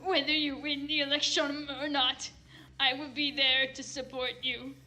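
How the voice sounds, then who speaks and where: A woman's voice: high-pitched, level tone, a little slow, sharp tone. A woman voicing a tender elderly male president who comforts his rival in a sobbing, soothing melodramatic style.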